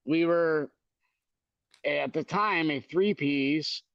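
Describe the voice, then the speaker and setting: A man's voice: on the high side, very slow, gravelly, no echo. A man who is a guest musician on a podcast, chatting in a laid-back way and saying "dude" all the time. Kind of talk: casual podcast chat. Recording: dull, lo-fi, dry sound.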